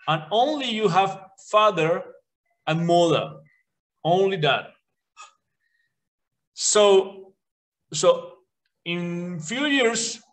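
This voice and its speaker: A man with a fairly high voice teaches beginner English to children at an unhurried pace. His first language is Spanish and his English leans British. He drills word lists clearly but stumbles and restarts words when he speaks freely. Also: poor audio. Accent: British-leaning English.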